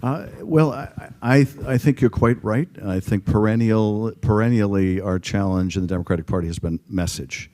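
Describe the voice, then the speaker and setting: A middle-aged congressman answering an audience question at a panel, speaking in a measured way with frequent ums and restarts. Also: on the low side, mellow, no room sound. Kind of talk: public panel talk. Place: conference room.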